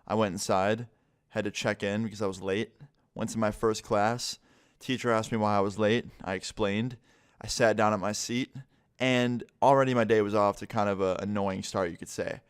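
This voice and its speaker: A young man with a lowish voice tells a story from his past in a loose, casual way. He swears freely and jumps into louder, livelier voices when he acts out what his friends said. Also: moderate pace, smooth. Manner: relaxed, swears a lot, animated when quoting people. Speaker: vlogger telling stories.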